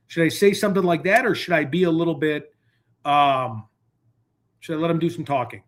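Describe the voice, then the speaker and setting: A man's voice: fairly high pitch, lively intonation, fast. Rambling, jokey male host. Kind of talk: live call-in stream. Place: hotel room.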